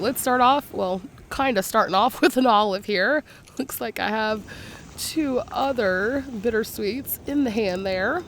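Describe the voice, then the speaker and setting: A woman with a slightly hoarse sick voice, chatting casually and laughing often as she narrates a beach walk, admiring each find. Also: a little high, a bit bright, a little hiss or hum. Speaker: beach vlogger. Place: outdoors on a beach.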